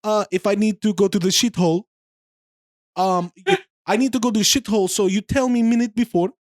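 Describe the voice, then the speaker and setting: A man's voice: sits high, fairly even intonation, brisk, dry recording, studio quality, voice pushed up, close to an everyday voice. A man putting on an awkward foreign male TV guest with a thick put-on Kazakh-style accent and broken English. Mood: awkward excited.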